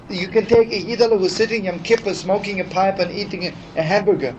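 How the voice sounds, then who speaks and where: A man's voice: high-pitched, steady tone, fast talker, hardly any pauses, a little mellow. A man telling stories in a heartfelt, chatty sermon, full of "you know" asides. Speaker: rabbi teaching. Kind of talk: storytelling sermon. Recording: dull archival recording with faint hiss.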